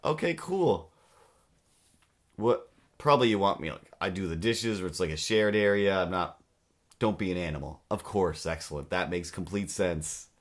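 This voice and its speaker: A man hosting a comedy podcast, ranting in an animated, exasperated way and slipping into little voices. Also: sits low, moderate pace. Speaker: podcast host. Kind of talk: comedic monologue.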